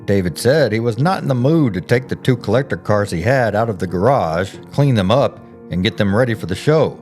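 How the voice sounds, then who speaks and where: Low-voiced man narrating true crime. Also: lively intonation, fairly quick, a little mellow, soft background music. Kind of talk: scripted narration.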